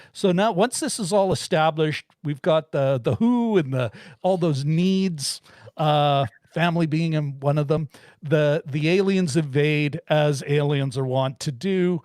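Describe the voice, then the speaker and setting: A man with a somewhat high voice talks through a film synopsis in a relaxed, rambling way, laughing often and restarting his sentences. The sound is dry and close, with no room around it. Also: no room sound. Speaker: podcast co-host reviewing a film. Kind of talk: casual chat.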